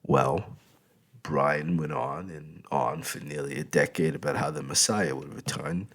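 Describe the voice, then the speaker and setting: Deep gravelly man narrating an audiobook. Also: normal speed. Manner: expressive first-person storytelling.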